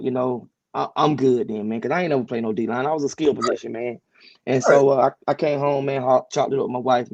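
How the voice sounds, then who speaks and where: Gravelly-voiced man, dull lo-fi sound. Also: medium pitch, no echo. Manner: relaxed, stammers on restarts. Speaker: high school coach, guest. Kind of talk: casual interview storytelling.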